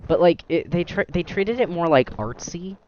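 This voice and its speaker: A young man, host of a gaming channel, chatting casually while playing, rambling with animated acted-out quotes. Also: a little high, normal speed, muffled recording, slight background noise.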